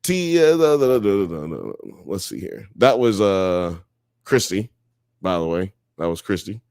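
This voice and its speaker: A man's voice: deep voice, sing-song, moderate pace, darkish tone, clear, resonant tone, dry recording, studio quality. A man hosting a live show, reading chat comments and joking around in a loose, profane, casual way.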